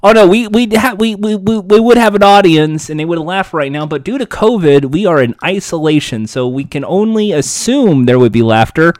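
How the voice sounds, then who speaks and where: Playful man with a lively voice. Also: sits high, moderate pace, hardly any pauses, no echo, studio quality. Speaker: podcast co-host. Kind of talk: casual comedy chat.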